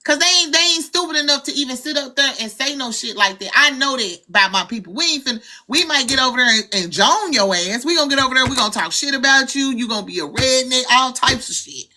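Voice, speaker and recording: Southern woman, livestream host, blunt and profane, bright voice, a bit high. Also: animated, fast, few pauses, slight background noise. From Arkansas, US. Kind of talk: casual livestream chat.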